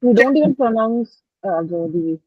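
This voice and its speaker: A woman's voice: fairly high pitch, animated, measured pace, breathy edge, dry recording, narrow, tinny audio. Hesitant, polite female student. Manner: polite, hesitant, addresses teacher as sir. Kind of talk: classroom answer.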